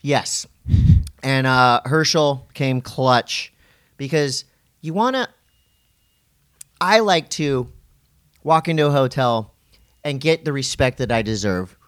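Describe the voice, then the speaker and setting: A man's voice: mid-range voice, expressive, slow pace, pauses often, a bit bright. A man co-hosting a podcast, teasing and joking in off-the-cuff banter. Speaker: podcast co-host.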